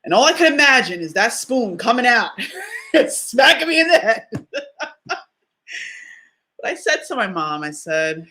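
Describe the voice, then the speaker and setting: On a livestream, a woman motivational speaker tells a personal story candidly and conversationally, speaking directly to listeners, near tears yet laughing through it. Her voice is a little high and sing-song with a sharp tone, measured in pace with long pauses.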